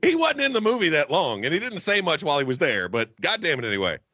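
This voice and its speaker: Man, southern US, podcast co-host, animated swings in pitch, dry slightly dull recording. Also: fast, dry recording. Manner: joking, profane, laughs often. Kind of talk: casual comedic chat.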